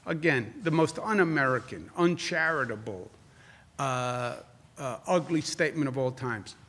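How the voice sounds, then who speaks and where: A man's voice: mid-range voice, lively intonation, a little slow, pushed and bright. A man in his sixties with a New York accent answering reporters at a press briefing, combative and repeating phrases for emphasis. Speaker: governor giving press briefing.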